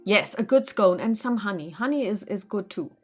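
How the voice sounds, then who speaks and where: A kindly village priestess who lectures with cheerful, mock-preachy teasing, as a woman puts her on. Her voice sits in an even middle pitch with soft music underneath. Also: moderate pace, close to an everyday voice.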